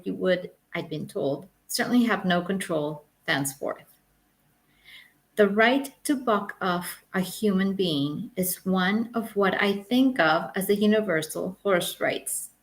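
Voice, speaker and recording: A woman reading her own travel memoir aloud in a wry, measured storytelling manner. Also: mid-range voice. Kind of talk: audiobook memoir narration.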